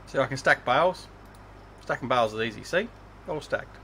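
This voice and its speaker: A man's voice: mid-range voice, lively intonation, brisk, fairly bright tone, a little hiss or hum. A man hosting a casual gaming livestream, chatting and teasing his guests while he plays. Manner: chatty, teasing, thinking aloud while playing. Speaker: livestream host.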